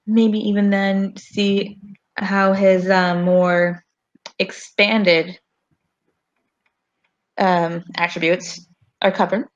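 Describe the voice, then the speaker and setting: A woman voicing a gracious, flattering woman adventurer who talks effusively. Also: mid-range voice, lo-fi sound, natural voice. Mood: coaxing. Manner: sweet-talking, effusive.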